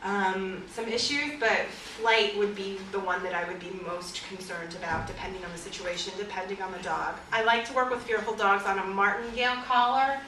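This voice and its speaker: A woman teaching a class on fearful dogs as a trainer, in a lively way, with vivid examples and questions to her audience. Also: mid-range voice, normal speed, few pauses, a little hiss or hum. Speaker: dog trainer. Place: store or training room with an audience. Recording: echoey room, recorded from a distance.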